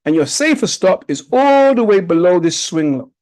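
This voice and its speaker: High-voiced man coaching traders. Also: sing-song, normal speed, darkish tone, low-quality recording. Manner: coaxing, repetitive coaching with rhetorical questions. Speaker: trading instructor. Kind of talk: live online trading lesson over a chart. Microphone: video call.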